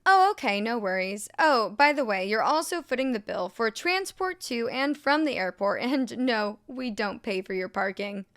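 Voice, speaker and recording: Woman, host reading posts aloud, sarcastic commentary, frequent laughter, clear resonant voice. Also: a little high, animated, moderate pace, few pauses, fairly bright tone.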